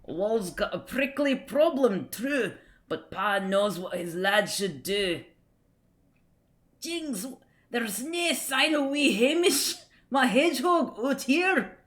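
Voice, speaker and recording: A woman's voice: fairly high pitch, lively intonation, slow pace, a bit bright, voice pushed up. A woman doing a chirpy Scottish comic-strip lad. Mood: hammy cheerful. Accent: put-on Scottish. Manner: bouncy, exaggerated, giggly read-aloud. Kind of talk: comic read-aloud on a livestream.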